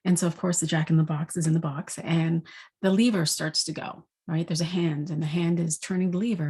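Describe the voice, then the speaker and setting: Breathy woman telling a gentle story. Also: lowish voice, fairly even intonation, a little fast. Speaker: intuitive energy coach. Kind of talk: spoken forecast with storytelling.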